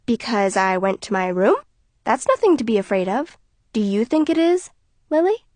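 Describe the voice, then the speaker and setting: Woman doing a teenage girl, defiant, sharp and accusing, high voice, dry sound. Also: big pitch swings, normal speed, no echo. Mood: mocking.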